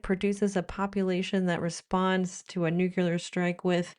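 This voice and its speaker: A woman's voice: medium pitch, fairly even intonation, normal speed, hardly any pauses, darkish tone. An American woman vlogging in a wry, playful commentary style, now and then slipping into quoted phrases. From United States. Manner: wry, playful, shifts into mock-British quotes. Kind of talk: chatty commentary.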